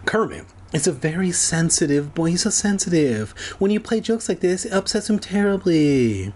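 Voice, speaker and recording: A man's voice: sits high, very animated, moderate pace, a little mellow, pitched above the performer's own voice. A man voicing a stern, fussy middle-aged aunt who scolds the kids in her care. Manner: scolding, clipped and bossy.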